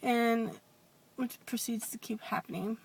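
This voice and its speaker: A woman telling a personal story in a confessional vlog, hesitant and rambling with many restarts, sometimes dropping to a soft whisper. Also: on the high side, steady tone, measured pace, breathy edge. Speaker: vlogger.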